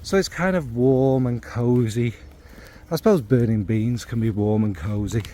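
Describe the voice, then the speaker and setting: A man's voice: medium pitch, moderate pace, mellow. A man reviewing fragrances in a casual, rambling and joking way, with many fillers and restarts.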